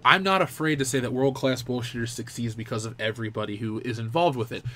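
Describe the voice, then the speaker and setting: A man's voice: mid-range voice, fast, pushed and bright. A young man hosting a live pop culture show, ranting in a heated, profane way. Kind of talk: live-stream commentary rant.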